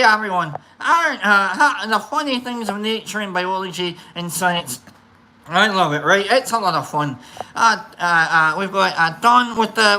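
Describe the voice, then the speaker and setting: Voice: medium pitch, bright, forceful tone, slight background noise, poor audio. A livestream host chatting casually and greeting viewers by name, rambling and playful, with many fillers and restarts. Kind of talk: casual chat reading viewer comments.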